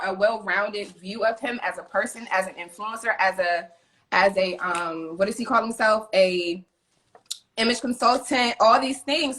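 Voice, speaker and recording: A woman co-hosting a casual talk show, her voice bright and a touch high. She speaks with emphatic punch and acts out the voices of the people in her stories. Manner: emphatic, animated retelling with quoted voices. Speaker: co-host. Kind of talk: casual chat.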